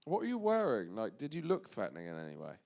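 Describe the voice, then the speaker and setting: A man's voice: on the low side, wildly swooping pitch, fast talker, vocal fry, darkish tone. A man hosting a live podcast, butting in with teasing questions and stumbling restarts. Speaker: podcast host. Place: live venue on stage.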